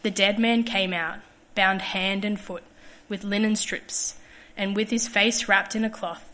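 A woman reading a Bible passage aloud in a measured, steady way during a service. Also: mid-range voice, rough recording. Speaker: scripture reader.

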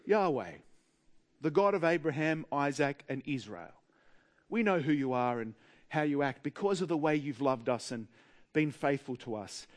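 A man's voice: a little high, expressive, moderate pace, voice pushed down, close to an everyday voice. A man voicing the prophet Elijah as he quotes him in a sermon, mocking at times and praying earnestly at others. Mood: solemn prayer. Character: prophet Elijah, adult man, bold and devout.

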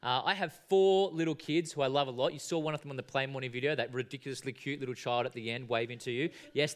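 A man's voice: on the high side, fairly bright tone. Chatty Australian man preaching. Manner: conversational, jokey, with frequent "uh" fillers. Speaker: assistant minister. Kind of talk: sermon. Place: church.

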